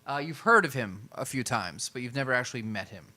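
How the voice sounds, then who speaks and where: A man's voice: medium pitch, lively intonation, fast, sharp tone. A tired man narrating a tabletop role-playing game as game master, laughing often and correcting his own slips.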